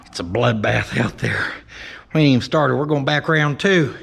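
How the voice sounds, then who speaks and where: A man's voice: medium pitch, normal speed, gravelly, a bit bright, slight background noise. A man chatting casually and joking as he works on an old truck in his shop. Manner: folksy, joking, talks to himself and his dog. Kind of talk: casual workshop vlog narration.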